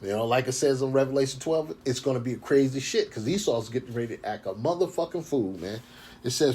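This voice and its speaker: Husky man preaching in heated slang. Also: mid-range voice, expressive, a little mellow. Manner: heated, slangy, profane, repeats "man" often; reads scripture slowly, then comments. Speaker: scripture teacher. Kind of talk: informal preaching monologue.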